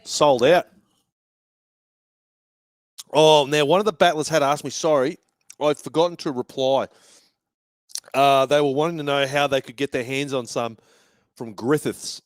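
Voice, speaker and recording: A man's voice: medium pitch, steady tone, a little slow, pauses often, no room sound, clean studio sound. A man hosting a fan live stream from a bar, giving casual, sweary match commentary and banter.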